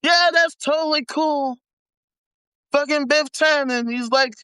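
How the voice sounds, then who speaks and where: A man from the United States hosting a live stream, talking in a casual, animated, heavily profane and slangy rant, often repeating himself for emphasis. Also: extremely high pitch, a little slow, dry recording. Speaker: host.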